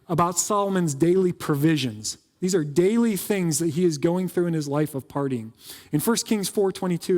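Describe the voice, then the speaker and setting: A man preaching in a church, his voice sitting a little high and trailing off into a long reverb. He talks casually, tossing in jokes and quick asides as pastor. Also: a little mellow. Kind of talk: conversational sermon. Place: church sanctuary.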